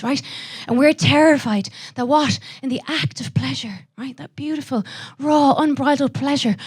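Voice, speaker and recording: A young Irish woman doing a live stand-up set, brash and profane, throwing quick asides to the audience. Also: high-pitched, a little mellow, breathy edge. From Ireland. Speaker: stand-up comedian.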